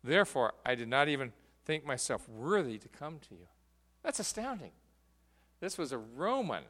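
A man's voice: mid-range voice, sing-song, moderate pace, a bit bright, in a large hall. A man preaching a sermon as pastor, earnest and emphatic, with fillers and restarts as he explains a passage.

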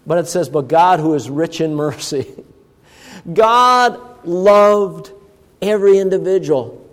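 A male pastor preaching a sermon, telling a story and reciting poetry and scripture with slow, emphatic stresses. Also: high voice, in a large hall.

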